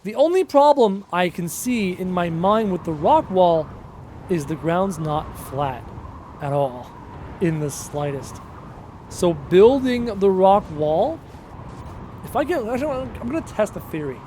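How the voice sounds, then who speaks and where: A man's voice: high-pitched, animated, a little slow, a little mellow, a little hiss or hum. A man live streaming a game, chattily reading viewer questions aloud and answering them, humming little tunes to himself in between. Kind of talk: casual live stream Q&A while playing.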